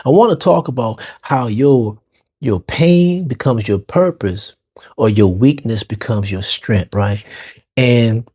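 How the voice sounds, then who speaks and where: A man's voice: medium pitch, a little mellow. New Orleans man telling his story. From New Orleans, Lower Ninth Ward. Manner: casual, street-slang phrasing, talks to listeners as y'all. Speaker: podcast host. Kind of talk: personal storytelling monologue.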